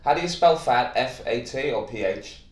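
A man's voice: medium pitch, moderate pace, echoey room, distant mic. A man hosting a podcast, chatting casually and joking with his guests, laughing often. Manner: jokey, animated, laughs often. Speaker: podcast host. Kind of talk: casual comedic chat.

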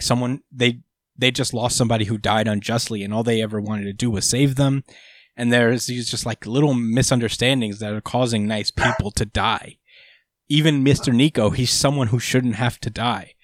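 A man's voice: medium pitch, fairly even intonation, moderate pace, a bit bright, no echo, clean studio sound. A young man co-hosting a casual podcast, recapping a manga chapter in a rambling way with lots of fillers. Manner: rambling, filler-heavy retelling. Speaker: podcast co-host.

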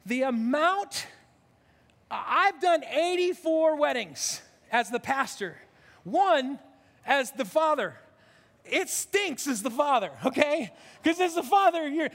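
A man in his fifties preaching a sermon as a pastor, animated and emotional, often restarting his sentences. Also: very high-pitched, long reverb tail. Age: 50s.

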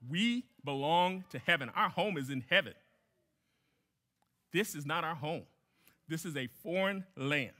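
A man's voice: on the high side, expressive, measured pace, long pauses, sharp tone. A man preaching a sermon as a guest pastor, emphatic, repeating key phrases and putting questions to the congregation.

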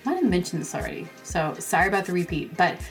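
A woman's voice: lowish voice, expressive, fast talker, soft background music. A woman hosting her own podcast in a casual solo monologue. She rambles, jokes, laughs often and acts out little quoted exchanges. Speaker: podcast host.

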